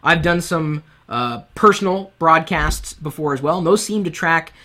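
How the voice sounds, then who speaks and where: A man with a high-pitched voice hosting a live-streamed web show from his studio set, talking candidly and from the heart into a boom mic on top of the camera. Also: normal speed. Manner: animated, candid, speaks from the heart. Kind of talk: live-streamed advice talk. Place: home studio set with lights.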